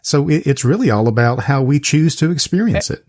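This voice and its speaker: A man hosting an interview, speaking in a measured, encouraging way. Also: on the high side, lively intonation, a little mellow. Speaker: podcast host.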